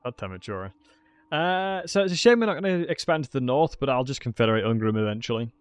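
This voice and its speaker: Man, casual game commentary, excitable, mid pitch, dry recording. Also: quick pace, smooth, no room sound. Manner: chatty, excitable, talks to chat. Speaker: game streamer.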